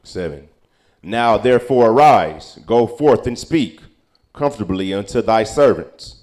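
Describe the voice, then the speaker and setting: Low-voiced man reading scripture aloud. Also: a little slow. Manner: steady reading with occasional stumbles. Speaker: scripture reader.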